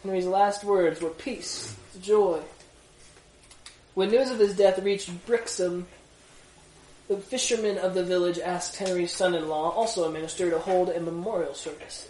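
A man's voice: on the high side, darkish tone. Guy running a bible class, jokey, quizzing kids, echoey room, a bit of hiss. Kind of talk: casual classroom teaching. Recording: echoey room with faint noise.

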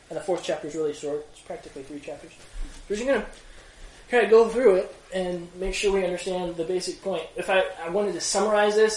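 Male Bible study leader, lively and chatty, slightly higher voice, echoey room. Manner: animated, conversational, rhetorical questions. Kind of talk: casual group teaching.

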